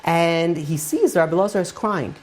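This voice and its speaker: A man's voice: on the high side, lively intonation, moderate pace. A man, a rabbi, giving an informal Torah class, retelling Talmud stories in a conversational way with many fillers.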